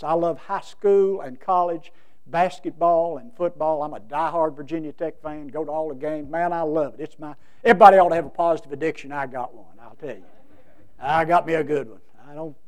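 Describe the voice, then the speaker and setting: A pastor delivers a folksy, emphatic sermon. His voice sits high for a man. He slips into the voices of people in his stories to make a point. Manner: folksy, emphatic preaching with acted quotes.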